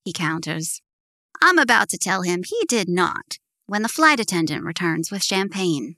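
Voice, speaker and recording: A woman reading a first-person novel aloud in a lively, expressive way as an audiobook narrator. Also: low voice, moderate pace, no echo, studio quality.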